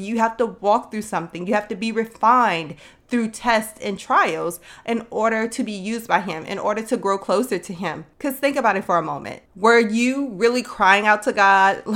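Addressing her audience as sis, a young faith podcast host offers encouraging, earnest talk in a conversational style. Her voice sits in the mid range with a fairly bright tone.

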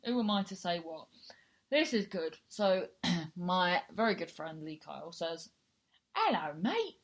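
A woman's voice: fairly low pitch, a little slow. A woman talking casually as a podcast host, blunt and frank, swearing freely and rambling with many restarts.

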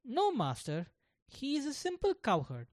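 An innocent young boy speaks in a raised, earnest voice that climbs high when he pleads, as a storyteller puts him on. He talks slowly, and the sound is dry and close. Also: wildly swooping pitch, a little mellow, no room sound, full character voice.

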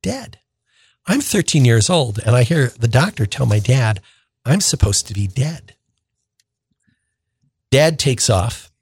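An older man, a deacon in his sixties, tells a personal story on the radio in a warm-paced conversational way and acts out what people said. His voice sits at an ordinary middle pitch. The studio sound is close and dry, with no room echo. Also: a little slow, pauses often, breathy edge. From northern Minnesota. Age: 60s. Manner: conversational, animated retelling with acted-out quotes.

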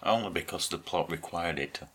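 Deep-voiced man who stammers and argues. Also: a little fast, a bit bright, husky. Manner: stammering restarts, earnest and argumentative. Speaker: podcast co-host. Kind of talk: casual chat.

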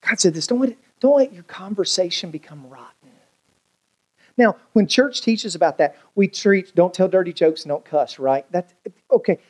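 A man's voice: high voice, normal speed, husky. Male pastor, humorous sermon storyteller who acts out the voices in his stories.

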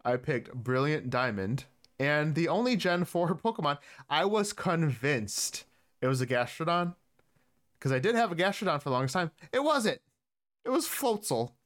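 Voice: mid-range voice, animated, moderate pace. A podcast co-host in casual gaming chat, playful and teasing.

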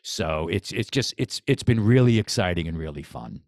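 A man's voice: sits low, animated, normal speed, a little mellow, no echo, studio quality. A man, a boxing coach, talking casually as a podcast guest, enthusiastic and rambling with restarts. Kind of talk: casual interview chat.

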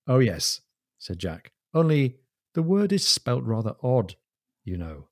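A man's voice: medium pitch, big pitch swings, measured pace, no echo, studio quality. A man co-hosting a podcast, chatting eagerly about a novel and reading passages aloud. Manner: enthusiastic, reads quoted passages aloud with laughs. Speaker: podcast co-host. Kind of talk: casual book discussion.

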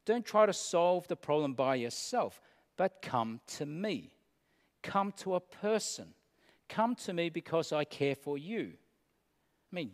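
A man preaching a sermon, earnest and deliberate, pausing between phrases. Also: on the high side, long reverb tail.

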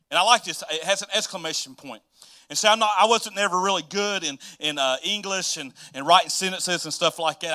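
A man's voice: high voice, bright, forceful tone. A middle-aged male pastor preaching a casual, chatty sermon and repeating phrases for emphasis.

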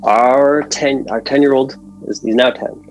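A man in his forties, a guest painter from Massachusetts, chatting casually on a podcast and telling stories in an animated way. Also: medium pitch, unhurried, soft background music, rough recording. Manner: animated storyteller, restarts and fillers.

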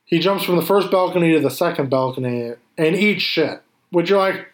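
Casual male talker, fairly high voice, animated and profane. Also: moderate pace. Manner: animated, swears freely, acts out scenes. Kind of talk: casual chat.

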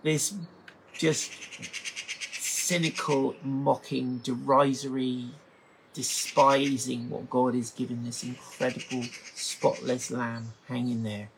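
A man reading scripture aloud and pausing often to comment on it, with emotional exclamations and musing asides. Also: medium pitch, flat delivery, vocal fry, background noise. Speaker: Bible teacher.

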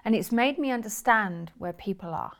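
An earnest woman in her forties, speaking at a middle pitch as a guest in a conversational interview. She rambles and restarts her sentences. Her voice drops soft and hushed when she talks about personal matters. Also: expressive, normal speed, gravelly. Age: 40s. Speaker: guest, spiritual teacher.

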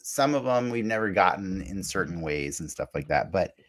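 Chatty low-voiced man co-hosting a podcast. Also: moderate pace. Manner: animated, chatty, frequent fillers. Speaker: podcast co-host. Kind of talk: casual chat.

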